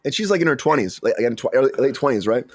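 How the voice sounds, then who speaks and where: A man's voice: mid-range voice, animated, fast talker, dry recording, clean studio sound. A man hosting a casual entertainment news chat, rambling and stammering with frequent restarts. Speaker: show host.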